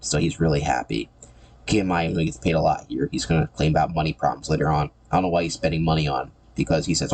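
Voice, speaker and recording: Guy with a deep voice riffing on old comics, snarky and offhand, trips over his words a lot. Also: darkish tone. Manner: sarcastic, irreverent, with frequent repeated words. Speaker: comic book reviewer. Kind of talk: casual commentary.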